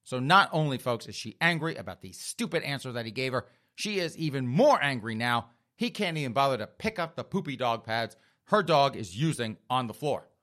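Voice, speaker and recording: A man's voice: medium pitch, lively intonation, a little fast, few pauses, bright, forceful tone. A man telling a comic story in a sardonic way, often addressing listeners as folks. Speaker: comedic storyteller. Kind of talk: comedic storytelling.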